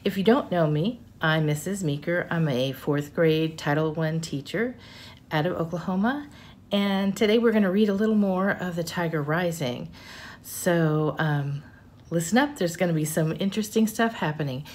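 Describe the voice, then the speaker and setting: A woman teacher reading a children's novel aloud to her class, expressive and measured. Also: lowish voice. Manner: slow, expressive storytelling. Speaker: fourth grade teacher.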